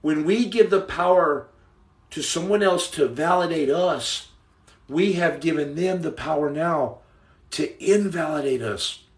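A man hosting a casual livestream, reading viewer comments, joking loudly in slang and turning soft and earnest. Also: on the high side, unhurried, reverberant, distant mic. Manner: boisterous, jokey, slangy, swings to soft earnest. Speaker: livestream host.

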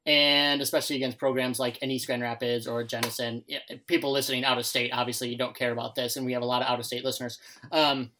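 A young man, a podcast co-host who coaches baseball, talking in casual chat and telling lively stories. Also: mid-range voice, fast. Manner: animated storytelling, quotes others in lively bursts.

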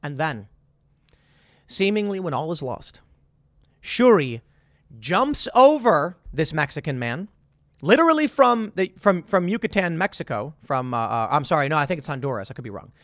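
A man delivers an incredulous, sarcastic movie rant in a high, lively voice that swings up and down. He stumbles and restarts as he goes. The sound is dry and close, with no room around it. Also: normal speed, no echo. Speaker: commentator. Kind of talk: opinionated movie commentary.

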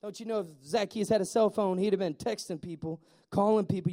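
Male pastor, high mellow voice, animated storytelling sermon. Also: fairly quick, hardly any pauses.

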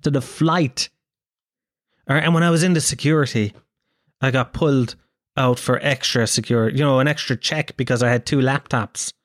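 A man in his thirties with an Irish accent, a comedian telling a story in casual chat, animated and swearing freely. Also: medium pitch, normal speed, no room sound, studio quality. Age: 30s. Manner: animated, swearing, acts out quoted voices.

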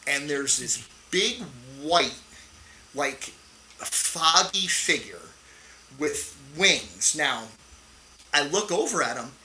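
A middle-aged man, a podcast guest and Navy veteran, telling a story in a casual interview, animated, swearing freely and tossing in "right?" often. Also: a little high, slight background noise, low-quality recording.

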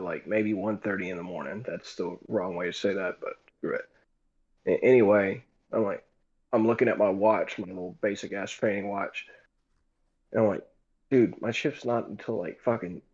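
A man's voice: lowish voice, slightly rough, highs cut off. A young man casually telling a rambling, profane story on a group voice call. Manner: profane, rambling, animated retelling.

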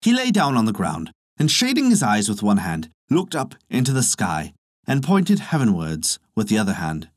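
A man narrating a folktale in a measured, expressive storytelling manner. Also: lowish voice, dry recording, clean studio sound.

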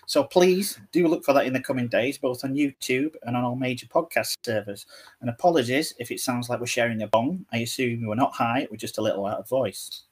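Man, husky, slightly hoarse, casual podcast chat, playful. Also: mid-range voice, brisk. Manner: jokey, self-deprecating, playful teasing. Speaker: podcast host.

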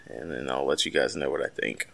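A man's voice: very deep voice, a little fast, gravelly. A man co-hosting a podcast, joking around in casual banter. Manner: joking, lively, self-mocking. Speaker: podcast co-host.

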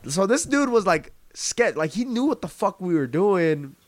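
A young man with a slightly higher voice tells a story in a casual podcast chat, swearing often and acting out the lines of the people in it. The recording is close and dry, with very little room sound. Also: normal speed, dry recording. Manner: animated storytelling, heavy swearing, acts out quotes. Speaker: podcast co-host.

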